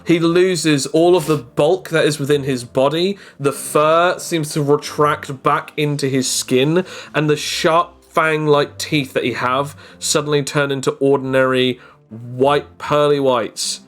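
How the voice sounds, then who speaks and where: A man narrating as game master of a tabletop game, talking quickly and often repeating words as he goes. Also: fairly high pitch, fairly even intonation, fairly bright tone.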